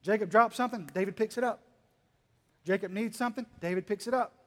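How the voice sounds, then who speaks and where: High-voiced preacher in a reverberant hall. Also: male voice, fast. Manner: dynamic, swinging between quiet asides and loud emphatic lines; humorous, teasing the congregation. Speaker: pastor. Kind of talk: sermon. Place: church hall.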